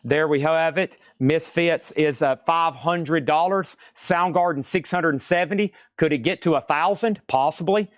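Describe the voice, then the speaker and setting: Live-sale host, male, upbeat auctioneer patter, bit high, dry close sound. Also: normal speed, few pauses, no echo. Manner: excitable, jokey, exclamatory. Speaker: live-stream record seller.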